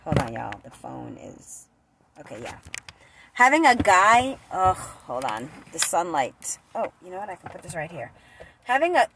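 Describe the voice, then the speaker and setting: Bright-voiced woman telling a profane story. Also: fairly low pitch, a little slow, gravelly, a little hiss or hum, rough recording. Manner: animated, profane, slips into loud quoted voices. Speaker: vlogger reading live comments. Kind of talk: casual storytime chat.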